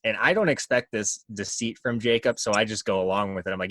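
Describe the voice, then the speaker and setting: A man's voice: fairly low pitch, quick pace, few pauses, fairly bright tone, dry recording. A young man, a guest, telling a story in casual chat and acting out the lines he quotes.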